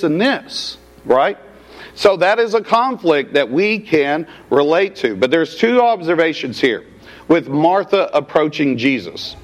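A man preaching an expository sermon, asking rhetorical questions and addressing the congregation as folks. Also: a little high. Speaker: pastor.

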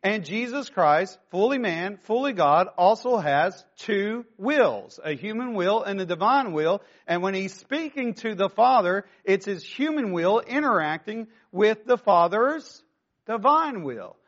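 A man's voice: high-pitched, lively intonation, measured pace, a bit bright, highs cut off. A man preaching a sermon as pastor, talking conversationally and throwing rhetorical questions at his listeners.

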